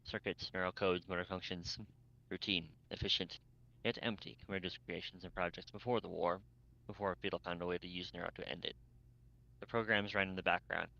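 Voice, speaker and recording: A man's voice: low-pitched, flat delivery, fairly quick, creaky, sharp tone. A man reading fanfiction aloud, stumbling and restarting words as he goes. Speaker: fanfic reader. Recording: dull lo-fi mic, dry.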